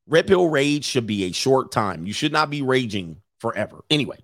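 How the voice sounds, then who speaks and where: Laughing between jabs, a podcast host runs a loose livestream in a brash, mocking tone. He speaks at a moderate pace with a fairly bright, sing-song delivery that climbs and dips widely. No echo colors the dry sound.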